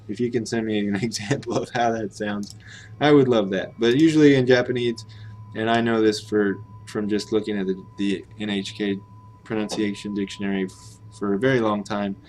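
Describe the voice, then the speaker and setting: Puzzling over Japanese pronunciations as he reads game text, a streamer mutters his thoughts out loud in a casual way. He has a low, darkish voice, and there's slight background noise.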